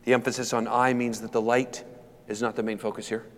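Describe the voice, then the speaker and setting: A man preaching a sermon with dynamic delivery that moves between hushed, quiet passages and loud, emphatic peaks. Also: mid-range voice, level tone, brisk. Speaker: pastor. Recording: long hall reverb.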